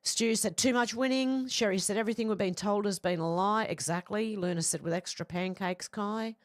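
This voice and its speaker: A woman's voice: mid-range voice, normal speed, no room sound. Aussie woman chatting on her livestream, reads out chat, blunt, swears a bit, dry close sound. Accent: Australian. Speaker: livestream host reading chat. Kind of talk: casual live chat.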